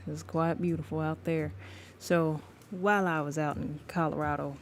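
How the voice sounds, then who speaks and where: A woman's voice: sits low, fairly even intonation, normal speed, slight background noise. A young woman chatting casually with her viewers while she draws live, laughing often and calling them y'all. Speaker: livestreaming artist.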